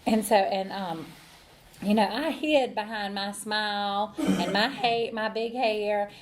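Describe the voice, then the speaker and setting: A middle-aged woman speaking as an AA speaker gives a personal recovery talk, rambling through her story with many fillers and restarts and laughing at herself. Her voice is mid-range, with slight background noise.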